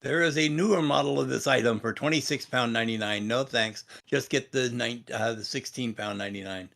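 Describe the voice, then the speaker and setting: A man's voice: medium pitch, a little fast, vocal fry, fairly bright tone. A British man co-hosting a casual livestream chat, chatty and wry. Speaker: podcast co-host.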